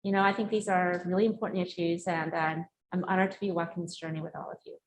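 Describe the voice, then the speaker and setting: A woman's voice: lowish voice, fast. Woman career coach, emphatic live speaker, echoey hall mic. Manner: earnest, emphatic, animated. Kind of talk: live talk and audience Q&A. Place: event room before a live audience. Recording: echoey room, faint noise.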